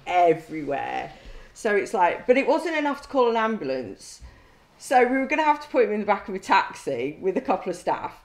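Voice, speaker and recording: A middle-aged woman who used to be a prison governor tells anecdotes in conversation, speaking fairly quickly in a very animated, mid-range voice. She's blunt, swears freely and laughs through her stories, and the recording has a roomy echo.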